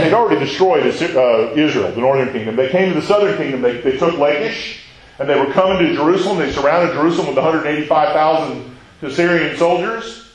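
A man teaching a Bible class in a conversational way, often putting questions to his audience. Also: a little high. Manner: asks the audience questions, chatty asides. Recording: roomy echoing hall.

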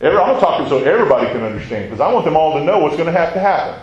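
Boastful ancient warlord voiced by a man, high and shouty, menacing taunts, echoing hall. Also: big pitch swings, racing, lo-fi sound. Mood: threatening. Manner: hollering taunts. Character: boastful ancient male army general, threatening.

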